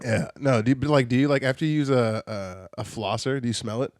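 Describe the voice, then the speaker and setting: A young man in his twenties from Arizona, co-hosting a podcast in a crude, animated casual chat and laughing often. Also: medium pitch, a little fast, no room sound, studio quality. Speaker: podcast co-host.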